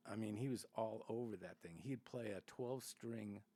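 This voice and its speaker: A man's voice: fairly low pitch, moderate pace, mellow. An older man telling rambling stories as a podcast guest, full of restarts and asides. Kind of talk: casual storytelling.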